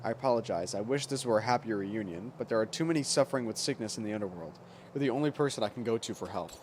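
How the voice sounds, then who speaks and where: A man reading the lines of an earnest, caring young woman doctor in his own soft voice, over game music. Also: lowish voice, fast talker, slight background noise, lightly acted. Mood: apologetic. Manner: reads her lines aloud softly.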